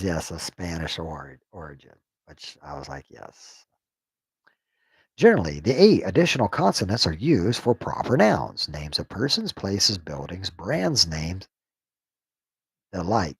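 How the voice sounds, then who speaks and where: A man reading a text aloud on a stream, sounding out unfamiliar words haltingly and joking to himself. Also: sits low, breathy edge, no room sound. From United States. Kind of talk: casual reading aloud on a livestream.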